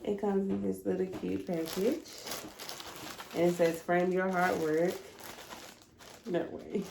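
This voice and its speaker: Emotional young woman with gravelly voice. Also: on the low side, steady tone, slow, noisy background. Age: young adult. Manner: emotional, chatty, talks straight to viewers. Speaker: vlogger. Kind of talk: casual vlog unboxing.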